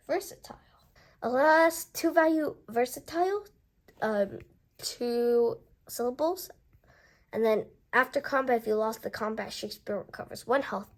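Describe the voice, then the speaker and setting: Young woman unboxing a board game, kinda high voice, chatty and excited, reads the cards out. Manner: chatty and excited, reading card text aloud. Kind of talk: casual unboxing and card review.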